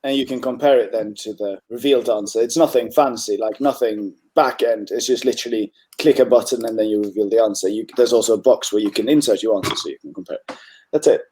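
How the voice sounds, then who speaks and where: Mellow-voiced man tutoring, encouraging. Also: fairly low pitch, quick pace. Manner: encouraging, frequent fillers and throat clearing. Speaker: Chinese tutor. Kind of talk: online tutoring session.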